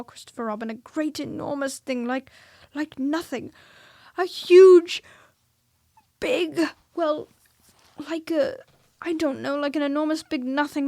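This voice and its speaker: Lady doing a tiny scared piglet, high squeaky breathless voice, storybook read. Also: darkish tone, no echo. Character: small timid young male piglet, easily frightened.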